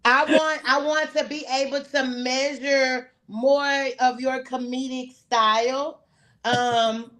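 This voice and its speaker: High-voiced teasing woman comedian. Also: fairly even intonation, takes it slowly, a bit bright. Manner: teasing, giggly, bawdy jokes. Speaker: comedian panelist. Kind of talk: playful comedy banter. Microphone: video call.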